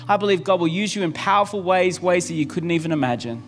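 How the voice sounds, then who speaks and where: A male pastor with a high voice preaches to his congregation, earnest and insistent, circling back to the same phrases. Soft music sits under his words. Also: lively intonation, quick pace, hardly any pauses. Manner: earnest, repeating key phrases for emphasis. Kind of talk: sermon. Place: church service.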